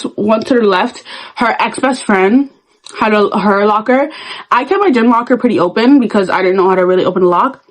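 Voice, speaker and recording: A young woman tells stories from her school days in a casual vlog, her voice sitting a little high. She leans on "like" and acts out her younger self with sudden loud bursts. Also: low-quality recording. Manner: frequent filler "like". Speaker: vlogger. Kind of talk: casual storytelling.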